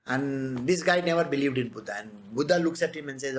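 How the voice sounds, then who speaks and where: Man, high voice, spiritual teacher, sermon, emphatic, rhetorical questions. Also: fairly quick. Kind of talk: spiritual discourse.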